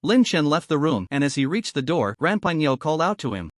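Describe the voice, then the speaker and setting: Animated man narrating a story. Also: on the high side, a little fast, no echo, studio quality. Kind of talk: scripted narration.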